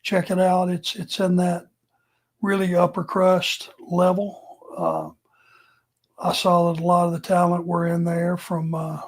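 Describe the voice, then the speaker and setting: A man's voice: sits high, darkish tone. An older man with a Southern US accent, co-hosting a casual podcast, laid-back and plainspoken. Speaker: retired wrestler, co-host.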